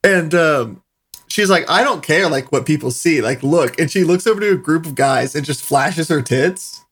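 A man's voice: on the high side, normal speed, fairly bright tone, breathy edge. A man co-hosting a podcast, telling a long story in casual chat, full of "like" fillers. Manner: rambling storyteller, many "like" fillers. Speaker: podcast co-host.

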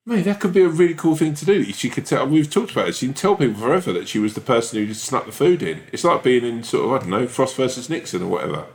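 A man's voice: medium pitch, big pitch swings, fast, hardly any pauses. A young man co-hosting a podcast in casual chat, teasing and laughing often. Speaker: podcast co-host.

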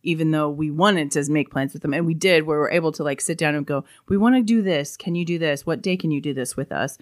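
A woman chatting casually as a podcast co-host, animated and swearing freely, recounting a trip. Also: low voice, quick pace. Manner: animated, swears freely, mimics accents in quotes. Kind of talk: casual chat.

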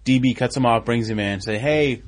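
A man co-hosting a casual wrestling podcast, talking in an excitable way, jumping in often and laughing easily. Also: medium pitch, fast talker. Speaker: podcast co-host.

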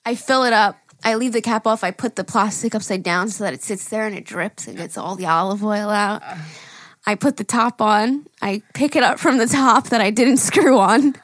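A woman's voice: medium pitch, moderate pace, fairly bright tone, dry recording. A woman co-hosting a casual chat podcast, talkative, swearing and laughing often. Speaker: podcast co-host.

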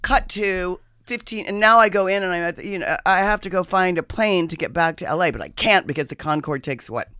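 A woman hosting a casual chat, telling a story in an animated, dramatic way and swearing freely. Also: lowish voice, brisk, hardly any pauses, smooth, no room sound, studio quality.

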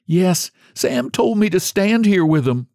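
A man's voice: high voice, animated, unhurried, a little mellow, no room sound, studio quality, voice pushed up. A man voicing a frightened young mother who sobs in breathless country dialect. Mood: tearful.

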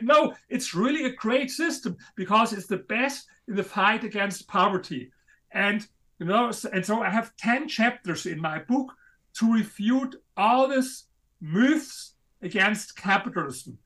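A man with a German accent, a guest author making his case in an interview, speaking emphatically and a little haltingly. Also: high-pitched, sharp tone. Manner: emphatic, a bit halting, non-native grammar. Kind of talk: interview conversation.

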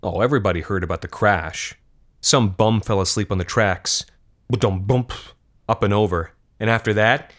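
A man's voice: fairly low pitch, moderate pace, fairly bright tone, natural voice. A man doing a cruel, mocking teenage boy. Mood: morbid. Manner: mocking, morbid, relishing gruesome details.

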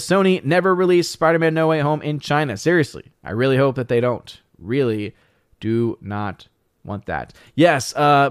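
A man's voice: medium pitch, smooth, no echo, clean studio sound. A man hosting a live stream, reading out chat comments in casual talk, blunt and opinionated, often restarting his sentences. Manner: rambling, many restarts and fillers.

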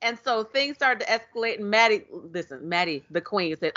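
Young woman gushing through a recap, super animated, kinda lo-fi sound. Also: medium pitch, normal speed. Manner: animated, acts out quotes, laughs. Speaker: podcast host. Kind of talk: casual episode recap. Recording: muffled lo-fi audio.

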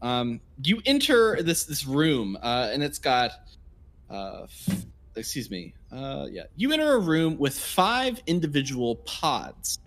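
A man's voice: mid-range voice, wildly swooping pitch, slow pace, a bit bright, a little hiss or hum. A man narrating as game master of a tabletop role-play game, rambling with many fillers.

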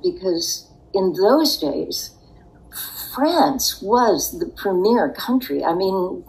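An older woman, a guest on an interview show, telling a personal story in a reflective way with soft laughs. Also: lowish voice, rough recording. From United States.

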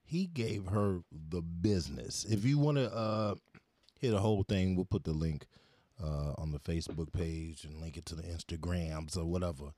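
A man's voice: sits low, normal speed, warm tone, no echo. A man hosting a podcast in casual chat, laid-back and slangy, with some hesitations. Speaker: podcast host.

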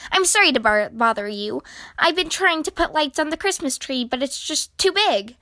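A woman puts on a shy little male mole from a storybook. He stammers and asks politely in a high, bright, timid voice, close to the mic. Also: lively intonation, moderate pace, dry recording.

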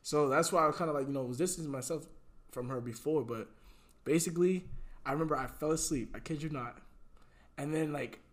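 Young guy on a podcast, high voice, slangy, cracking up mid story. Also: brisk. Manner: animated storyteller, laughing fits; slangy, repeats "bro". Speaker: podcast guest. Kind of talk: casual storytelling chat.

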